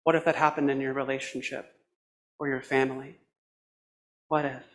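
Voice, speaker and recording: A man preaching a sermon as a minister, with a measured, reflective delivery in short phrases. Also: medium pitch, level tone, a bit bright, a little hiss or hum.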